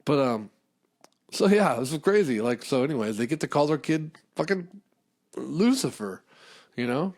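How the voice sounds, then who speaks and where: A man's voice: a little high, animated, normal speed, long pauses, darkish tone. A man hosting a comedy podcast, rambling through a casual monologue full of fillers and swearing. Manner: rambling, profane, many fillers.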